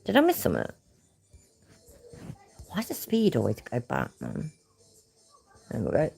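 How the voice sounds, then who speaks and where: A woman with a British accent and a low voice reads out a news report and then reacts to it. She is blunt and sarcastic and swears freely. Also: huge pitch swings, measured pace, creaky, dark tone, soft background music. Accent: British English. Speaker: commentary channel host. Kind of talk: reacting to a news story and clip.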